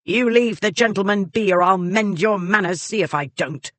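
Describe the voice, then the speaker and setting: A narrator voicing a fierce, loyal lady's maid who speaks bluntly and briskly in a storybook reading. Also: medium pitch, fairly bright tone, no echo, voice pushed up, close to an everyday voice. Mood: scolding.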